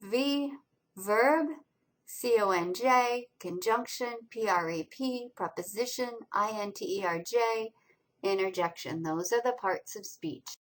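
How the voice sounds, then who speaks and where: A woman teaching college reading skills over slides, explaining pronunciation and stressing each syllable with slow, deliberate enunciation. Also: mid-range voice, poor audio. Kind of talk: recorded lecture over slides.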